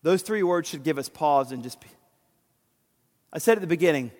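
Male pastor, high voice, sermon in a reverberant sanctuary, slow scripture reading that rises to fervent shouts. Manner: builds from hushed to fervent, shouting with excitement; reads scripture slowly and deliberately.

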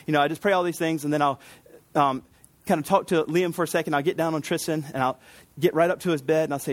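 A man preaching a sermon in a relaxed, conversational way, telling stories from home with quick asides. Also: fairly high pitch. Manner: chatty, storytelling, with quick asides and laughs. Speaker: pastor.

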